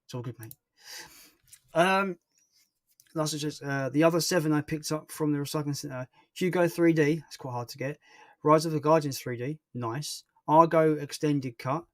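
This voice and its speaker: A man's voice: on the high side, fairly even intonation, normal speed, dry recording, studio quality. A young man hosting a casual livestream and chatting through viewer comments in a rambling, self-deprecating way. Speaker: livestream host.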